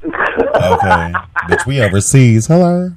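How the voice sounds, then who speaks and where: A man co-hosting a casual podcast chat, chiming in with slow, drawling remarks. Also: mid-range voice, sing-song, heavy background noise. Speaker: podcast co-host.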